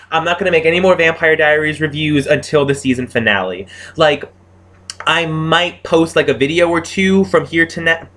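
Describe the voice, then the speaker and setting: A man's voice: on the high side, fairly bright tone. A young man giving a casual, exasperated rant reviewing a TV episode, swearing freely and exclaiming often. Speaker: TV show reviewer.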